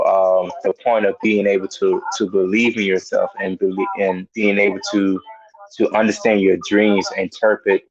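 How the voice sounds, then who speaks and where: Low-voiced guy talking spiritual stuff on his show, keeps restarting words, muffled sound. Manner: halting, repeats words, laughs at himself. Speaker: host. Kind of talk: casual spiritual teaching talk. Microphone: headphones and mic.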